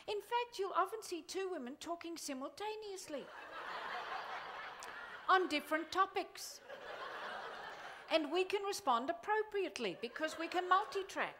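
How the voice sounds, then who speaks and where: A woman motivational speaker giving a playful, animated conference keynote, acting out little voices as she talks. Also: very high voice, unhurried, slight background noise. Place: large conference hall.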